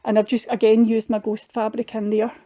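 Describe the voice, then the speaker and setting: With a warm voice on the high side, this middle-aged Scottish woman talks fairly quickly and completely flatly as she walks through her craft projects. It's casual, homely show-and-tell vlogging, full of little restarts.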